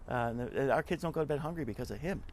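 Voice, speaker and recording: A man's voice: medium pitch, racing, slight background noise. A man guest in an interview, telling stories in an earnest, conversational way and often repeating words as he talks. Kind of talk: conversational storytelling.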